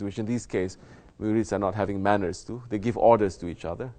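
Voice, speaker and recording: A man's voice: lowish voice, steady tone, fairly quick, a little mellow. A man teaching as a Sufi teacher, answering a question in a spoken sermon, emphatic and fond of rhetorical questions. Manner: emphatic, rhetorical questions, mock-quoting others. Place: Sufi lodge.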